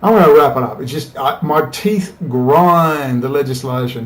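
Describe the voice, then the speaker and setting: A man giving a combative, profane monologue to camera, firing off rhetorical questions as a political commentator. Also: medium pitch. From Australia.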